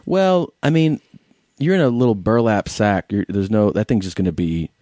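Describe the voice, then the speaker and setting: A man's voice: lowish voice, normal speed, warm tone, dry recording. A man co-hosting a podcast, chatting casually and ranting in an exasperated, profane way. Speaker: podcast co-host.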